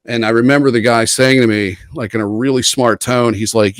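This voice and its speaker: A man's voice: medium pitch, fairly even intonation, brisk, no room sound. A man as an interview guest, telling a long first-person story in a rambling, earnest way, often restarting and quoting others. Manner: rambling and earnest, with frequent restarts and quoted dialogue.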